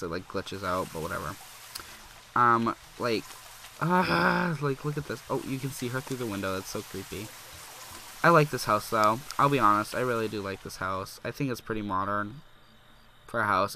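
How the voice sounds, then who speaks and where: A young man giving casual, excitable gameplay commentary as a let's play gamer, chatty and full of "like" fillers, his voice sounding a little off. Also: fairly low pitch, slight background noise.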